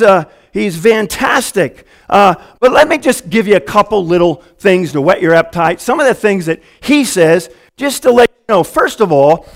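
A pastor preaching a lively, conversational sermon full of quick asides, in a church. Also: male voice, high-pitched.

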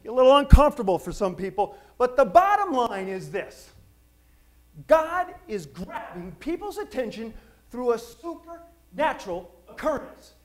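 A middle-aged man preaching a sermon, telling stories with jokes and asides in an animated way. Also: very high voice, normal speed. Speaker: pastor.

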